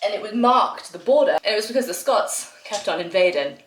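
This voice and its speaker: A chatty young woman with a Northumbrian accent, talking in a casual, rambling way and often breaking into laughter. Her voice sits at an ordinary middle pitch. It echoes around a roomy space, with a faint hiss behind it. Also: expressive, fairly quick. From Northumberland, England. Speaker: vlogger. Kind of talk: casual chat.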